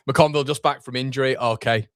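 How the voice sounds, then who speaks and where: Yorkshire lad doing live footy watchalong, reads chat out, mid pitch, dry close sound. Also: male voice, steady tone, fairly quick, fairly bright tone, smooth, no room sound. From Northern England. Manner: chatty, reads viewer comments aloud, banter. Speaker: football watchalong streamer. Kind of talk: live match commentary and chat reading.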